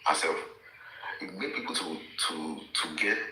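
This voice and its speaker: Deep bright man, echoey. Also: lively intonation. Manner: deliberate, repeating words while building a point. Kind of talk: measured commentary. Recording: echoey with faint noise.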